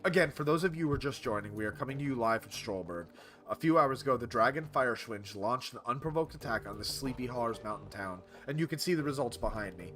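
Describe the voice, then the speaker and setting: Male streamer voicing a brisk TV reporter, bright and pushy, with music behind. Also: medium pitch, animated, lightly acted. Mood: grave broadcast.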